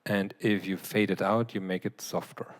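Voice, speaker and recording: A man's voice: low-pitched, steady tone, moderate pace. A man lecturing in a large hall, explaining points to an audience. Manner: explanatory, demonstrating with his voice. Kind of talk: lecture Q&A answer. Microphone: handheld or clip mic, briefly removed.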